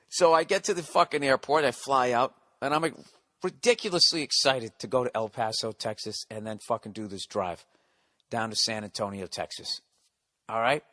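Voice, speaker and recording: A man's voice: mid-range voice, a bit bright, no room sound, clean studio sound. A man telling a comic story on his podcast, ranting and swearing as he mocks a nervous friend. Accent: Boston. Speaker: podcast host and comedian. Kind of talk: comedic storytelling monologue.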